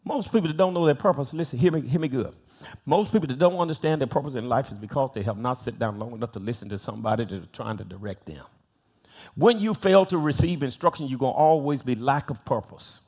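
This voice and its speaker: A man's voice: mid-range voice, lively intonation, fast talker, darkish tone. An older man, a bishop and pastor, teaching a Bible study in sermon style, telling stories, acting out quoted voices and repeating phrases for emphasis. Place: church sanctuary.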